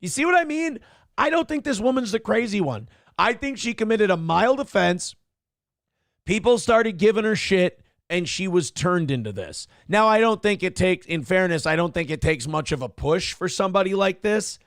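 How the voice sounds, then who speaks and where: A man's voice: high voice, expressive, normal speed, fairly bright tone, no room sound, studio quality. A man hosting a morning show, ranting sarcastically and swearing heavily as he comments on a viral video.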